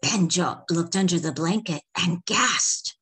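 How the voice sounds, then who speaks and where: A woman author reading her folktale aloud in a measured, expressive way. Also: fairly low pitch, husky. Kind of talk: storytelling read-aloud.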